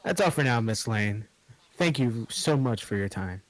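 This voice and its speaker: A brisk, matter-of-fact agent partner, read by a man. The sound is dry and close, with no room around it. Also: mid-range voice, expressive, dry recording, natural voice, poor audio.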